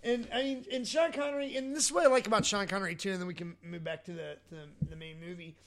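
A man's voice: high voice, fairly even intonation, fast talker, creaky. A man co-hosting a movie podcast in casual chat. He is chatty, laughs easily and lets sentences trail off. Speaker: podcast co-host.

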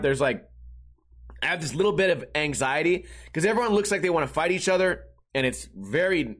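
A man hosting a podcast, telling a casual story with lots of swearing and acted-out voices and sound effects. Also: on the high side. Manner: profane, animated, acts out people and sound effects. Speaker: podcast host.

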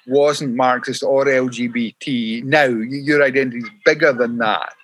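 A man's voice: mid-range voice, steady tone, moderate pace, fairly bright tone. A man interviewing a minister, asking questions in a friendly, jokey way and teasing his guest now and then. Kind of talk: conversational interview.

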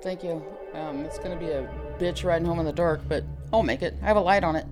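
A woman's voice: on the low side, quick pace, music in the background. A woman hosting a podcast alongside her grown son, bantering playfully and laughing often. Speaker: podcast host; mother of the guest.

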